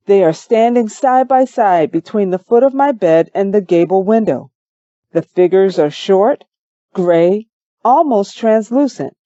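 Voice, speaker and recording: Mellow woman narrating an audiobook. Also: mid-range voice, no echo. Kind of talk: first-person audiobook narration. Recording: slightly dull, dry recording.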